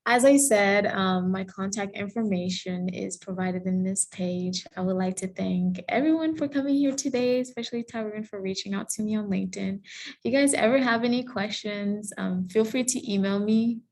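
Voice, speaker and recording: A woman's voice: mid-range voice, moderate pace, a little mellow. A woman from Cameroon giving an online lecture on a video call and answering audience questions in a friendly, explanatory way. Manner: friendly explanatory tone, with some fillers and self-corrections. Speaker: guest lecturer. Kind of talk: online presentation with Q&A.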